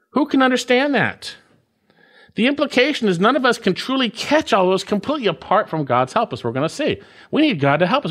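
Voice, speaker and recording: A pastor with a fairly high, bright-toned voice preaches an expository sermon verse by verse. He speaks emphatically, stressing and repeating key phrases as his delivery rises and falls.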